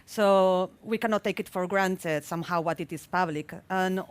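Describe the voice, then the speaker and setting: A woman architect and researcher speaking on a public panel in a thoughtful, halting way, often repeating words. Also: fairly low pitch, clear, resonant tone, no echo. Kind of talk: panel discussion. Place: public talk event.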